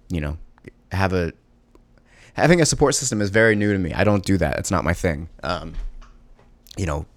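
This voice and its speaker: A man, a parent of a young child, talking through a personal monologue in a halting, emotional way with many fillers and restarts. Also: low-pitched, dry recording.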